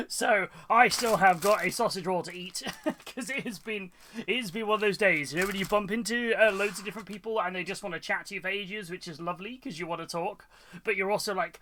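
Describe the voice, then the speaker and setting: A man's voice: sits high, quick pace, bright, forceful tone. A British man hosting a hobby live stream, chatting casually, greeting viewers by name and laughing often. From United Kingdom. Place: hobby room at home.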